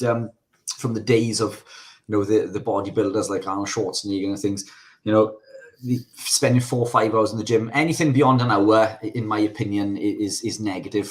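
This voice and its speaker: Low-voiced man on fitness. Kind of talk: casual panel chat.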